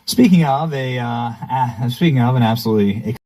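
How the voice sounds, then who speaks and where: A man's voice: mid-range voice, normal speed, warm tone, rough recording. A man hosting political commentary, sarcastic and mocking. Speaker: commentary host.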